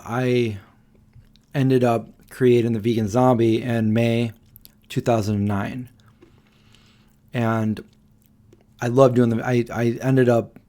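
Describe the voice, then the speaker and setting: Guy in his 40s on a late-night stream, rambly storytelling, lots of ums, mid-pitched voice. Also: warm tone. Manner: rambling, halting, with many ums and restarts. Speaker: livestream host. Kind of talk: casual storytelling on a live Q&A stream.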